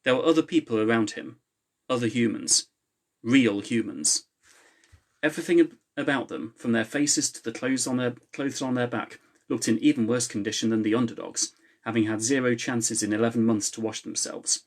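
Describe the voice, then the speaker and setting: A man reads his own novel aloud on a live stream from home, with a mid-pitched voice. Between passages he chats in a relaxed way with fillers before going back to steady narration. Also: moderate pace. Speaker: author reading his novel. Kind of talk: live reading to online viewers. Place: home, with a laptop.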